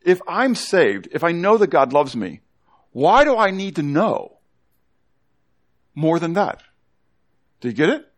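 A man teaching a Bible study sermon to a congregation, animated, constantly asking the room questions and coaxing children to join in. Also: a little high, unhurried, pauses often.

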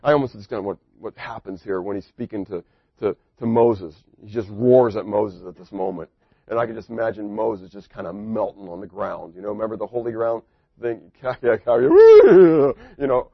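A man preaching a sermon, animated, asking the congregation questions and acting out quotes. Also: lowish voice, normal speed, slightly rough, no echo. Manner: animated, asks the audience questions, acts out quotes. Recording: dry, dull lo-fi recording.

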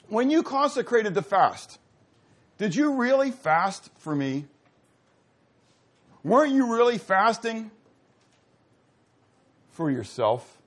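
A man's voice: high-pitched, very animated, slow pace, long pauses. A male pastor preaching a sermon, asking rhetorical questions and restarting phrases with stammers.

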